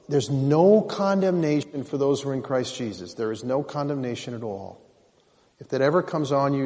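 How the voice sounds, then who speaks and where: A man's voice: mid-range voice, a little mellow. Older guy giving a folksy faith talk in a big echoey hall, earnest and encouraging. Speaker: speaker leading a faith gathering.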